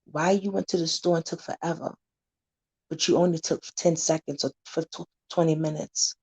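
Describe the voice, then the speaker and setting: A low, husky woman speaking straight to her viewers as a community advocate. Her delivery is blunt and candid, with a slightly breathy edge, and she plays out little scenes to drive her warnings home. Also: fairly even intonation, moderate pace, darkish tone. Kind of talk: casual talk to camera.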